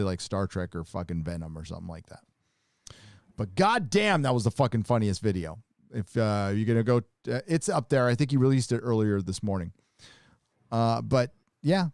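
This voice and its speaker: A man's voice: mid-range voice, darkish tone, no room sound, clean studio sound. A man hosting a live podcast, chatting casually and rambling with lots of profanity. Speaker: host. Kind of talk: casual livestream chat.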